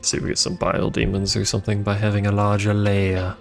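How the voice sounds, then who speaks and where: A man's voice: fairly low pitch, monotone, quick pace, vocal fry, faint music behind. A man streaming a video game, chatting casually with rambling, playful asides. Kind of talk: casual gameplay commentary.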